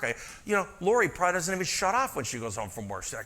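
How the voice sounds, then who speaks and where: A man's voice: sits high, big pitch swings, fairly quick, hardly any pauses, bright, forceful tone. A man preaching a conversational sermon as pastor in a church, with speech, full of asides and rhetorical questions to the congregation. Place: church sanctuary.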